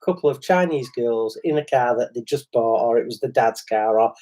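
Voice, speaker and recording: Brief: middle-aged man, chatty co-host, animated storyteller who slips into others' voices. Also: medium pitch, normal speed. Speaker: podcast co-host. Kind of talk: casual chat.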